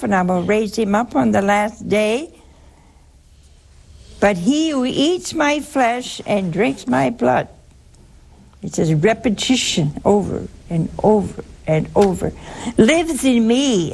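Older lady host, gravelly and really slow, hammering points home on a call-in show. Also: mid-range voice, a little mellow. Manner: slow, emphatic, repeats key phrases. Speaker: host answering a caller. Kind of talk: call-in religious teaching.

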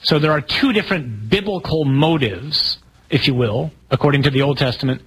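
Priest, male, higher voice, casual sermon style with audience questions and self-mocking humor. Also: expressive, normal speed, a bit bright, slightly rough, poor audio. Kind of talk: sermon talk to a congregation.

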